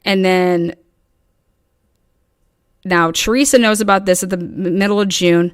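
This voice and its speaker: A woman casually recounting online drama in a rambling, profane way, acting out quoted lines in animated bursts. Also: lowish voice, unhurried, no room sound, clean studio sound. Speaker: online commentator.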